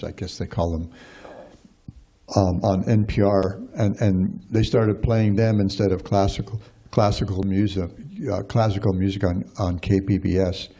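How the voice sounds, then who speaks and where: Leading a scripture class, a man speaks with a low, gravelly, somewhat husky voice and a dark tone. His delivery wanders, full of fillers and restarted sentences.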